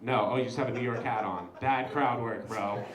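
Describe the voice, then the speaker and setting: A young man performing a stand-up comedy set, chatty and animated, talking straight to the crowd. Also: mid-range voice, moderate pace, reverberant, very noisy. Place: comedy show venue.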